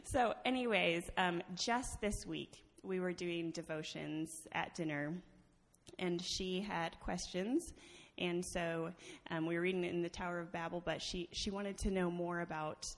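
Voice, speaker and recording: A woman's voice: on the low side, measured pace. A woman sharing a personal testimony with a church congregation in a chatty storytelling way, laughing often and using many fillers. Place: church sanctuary. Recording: long reverb of a large hall.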